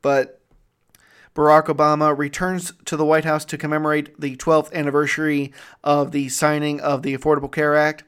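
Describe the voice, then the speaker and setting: Podcast host, man, higher register, reads articles then rants with exclamations. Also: little pitch movement, normal speed, clean tone. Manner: indignant, gets loud and exclaims when riled. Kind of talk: solo commentary podcast reading news articles.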